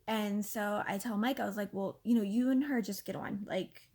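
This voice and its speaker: A woman in her thirties tells a personal story in a casual, exasperated way, full of fillers. Her voice is gravelly with a husky edge, and her pitch sits in an ordinary middle range. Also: normal speed. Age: 30s. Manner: animated, exasperated, lots of fillers. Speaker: vlogger.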